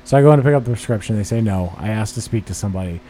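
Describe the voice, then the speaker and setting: A man with a mellow, darker voice tells a profanity-laced story into a studio microphone, venting and quoting both sides of the exchange. He talks in a loose podcast chat. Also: lowish voice, racing, a little hiss or hum. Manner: profane, exasperated storytelling with quoted dialogue. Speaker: podcast host. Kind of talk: casual chat.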